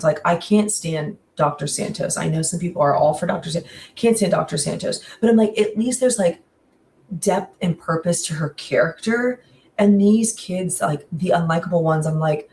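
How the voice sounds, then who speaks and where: A woman's voice: deep voice, far from the mic, a little hiss or hum. A woman in casual podcast chat, reviewing a series animatedly with lots of "like" and emphatic asides. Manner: animated, frequent "like" and laughs, exaggerated emphasis.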